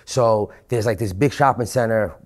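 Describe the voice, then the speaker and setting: A man from New York with a New York accent, a podcast guest telling stories in a casual, animated way, swearing heavily and acting out what people said. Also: fairly low pitch. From Queens, New York. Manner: animated, fast, heavy swearing, acts out quotes. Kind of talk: casual storytelling.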